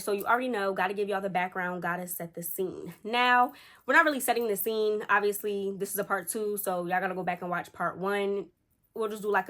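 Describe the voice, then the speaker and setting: Young woman, quick storytime vlogger, animated retelling, home recording. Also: mid-range voice. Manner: chatty and animated, acts out quotes. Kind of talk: casual storytime chat.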